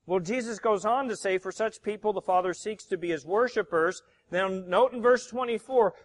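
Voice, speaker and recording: Emphatic preacher, slightly high voice. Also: male voice. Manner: emphatic, asks the congregation rhetorical questions. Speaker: pastor. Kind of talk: sermon.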